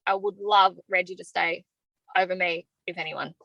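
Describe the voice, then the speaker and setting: A woman's voice: lowish voice, steady tone, moderate pace, vocal fry, sharp tone, no room sound, dull audio. An Australian woman answering interview questions openly and from the heart, talking freely about how she feels. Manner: open and heartfelt, talks freely about feelings. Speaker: evicted reality show contestant.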